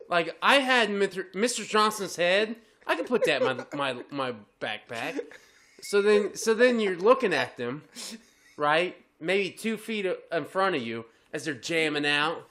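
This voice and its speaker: A man co-hosting a crude podcast chat, rowdy and often laughing. His voice sits high and swings widely. The tone is very bright and forceful, and he breaks into sudden shouts. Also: expressive, a little slow. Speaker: podcast co-host.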